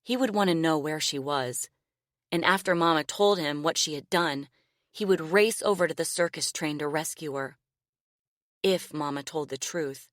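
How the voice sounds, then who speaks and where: Woman narrating a novel, deep voice, measured and expressive, dry recording. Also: no room sound. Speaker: audiobook narrator. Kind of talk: scripted narration.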